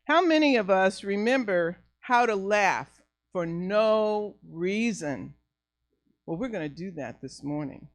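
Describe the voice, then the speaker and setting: A middle-aged woman minister giving a playful sermon, slow and deliberate, laughing easily as she leads the group. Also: mid-range voice, expressive, dry recording. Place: church sanctuary. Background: faint piano.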